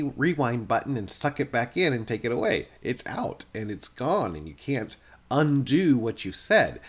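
A middle-aged male pastor giving a plain-spoken, earnest devotional sermon, often restarting his phrases. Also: mid-range voice.

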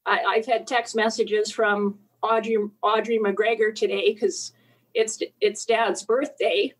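Woman remembering her dad, talks slow, thoughtful, a bit choked up. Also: mid-range voice, rough recording. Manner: slow, reflective, emotional. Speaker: interview guest. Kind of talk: casual interview recollection.

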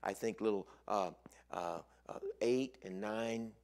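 A male evangelist preaching a sermon in a church, telling a story with lively, animated delivery that climbs high for emphasis. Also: slow pace. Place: church sanctuary.

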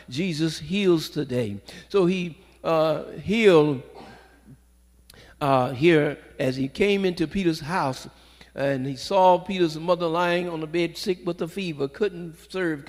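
A man's voice: on the high side, unhurried. A man preaching a sermon in a church sanctuary, fervent, with rising exhortations. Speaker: pastor. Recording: long hall reverb.

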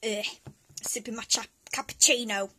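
A woman's voice: fairly high pitch, steady tone, normal speed, background noise. A young woman hosting a casual gameplay chat, laughing often as she plays. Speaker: host.

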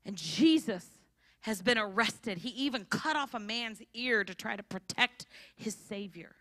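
A woman giving a storytelling sermon at a church conference, animated and acting out the people in her story. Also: on the high side, measured pace, no echo, clean studio sound. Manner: animated, acts out characters' voices. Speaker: conference speaker. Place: church hall.

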